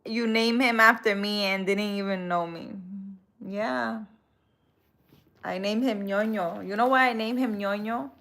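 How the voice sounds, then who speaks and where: Woman, spiritual healer on a live stream, unhurried and soft-spoken, hesitant, mid-pitched. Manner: soft-spoken, hesitant, answers chat comments. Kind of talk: casual live-stream chat.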